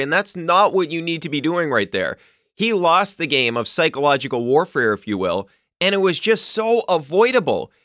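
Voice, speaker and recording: Male sports podcaster, bright forceful voice, emphatic rants, dry close sound. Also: fairly high pitch, dry recording. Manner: animated, emphatic ranting with occasional swearing. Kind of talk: solo sports commentary.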